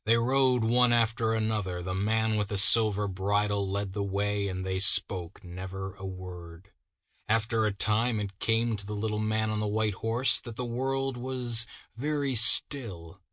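A man narrating a classic story as an audiobook reader, in a measured, deliberate way. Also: lowish voice, fairly even intonation, a bit bright, no echo.

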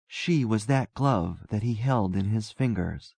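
A man narrating a story aloud in measured, even storytelling. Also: on the low side, creaky, husky, no room sound. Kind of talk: scripted narration.

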